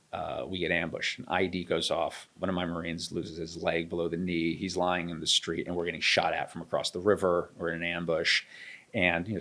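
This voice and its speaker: A man in his thirties, an interview guest, telling a story and acting out the dialogue. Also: deep voice. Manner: animated, acts out quoted dialogue. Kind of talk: storytelling in a conversation.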